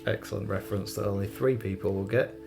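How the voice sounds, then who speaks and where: A man's voice: on the low side, steady tone, quick pace, creaky. A British man co-hosting a casual podcast, rambling and playful, with casual swearing. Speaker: podcast co-host. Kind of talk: casual banter. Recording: faint music bed behind.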